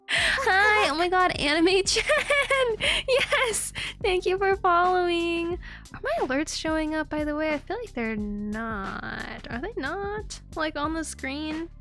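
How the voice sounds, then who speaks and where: A woman's voice: high voice, fairly bright tone. A woman streamer chatting casually and recapping a manga, giggling often and swearing freely.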